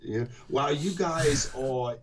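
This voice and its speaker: A man from Louisiana with a Cajun accent, chatting loudly and jokingly over an internet call on a radio show. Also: a little high, slow pace, recorded from a distance, a crowd in the background. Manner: loud, joking, rambling storyteller. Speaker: guest co-host on a call. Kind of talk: casual radio chat.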